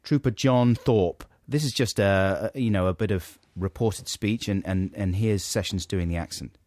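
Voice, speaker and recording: Chatty male radio co-host; low, lively voice, dry studio sound. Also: moderate pace, no echo. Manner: chatty, explanatory, laughs often. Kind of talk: casual radio chat.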